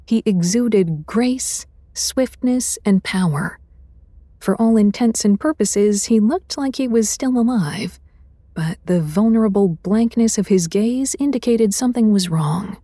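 A woman reading first-person fantasy fiction as narrator in a measured, wry way. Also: medium pitch, mellow, no echo.

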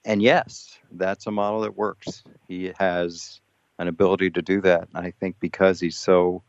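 A man hosting a podcast, talking conversationally and pausing to search for words. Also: deep voice, level tone. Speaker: podcast host, former team executive. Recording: dull lo-fi audio.

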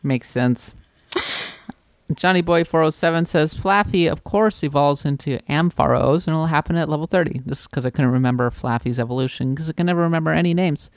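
A man co-hosting a casual podcast chat, talking in a relaxed way with frequent fillers and restarts. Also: a little high, brisk, dry recording, clean studio sound. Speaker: podcast co-host.

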